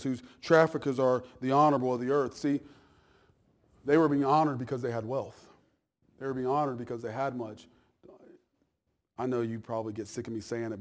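A man, a pastor, preaching a conversational sermon, teasing the congregation and acting out little asides, swinging from loud emphasis down to quiet, low remarks.

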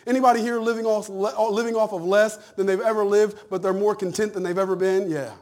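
A man preaching a humorous, animated sermon, jumping from loud punchlines to hushed asides. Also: high-pitched, quick pace. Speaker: pastor.

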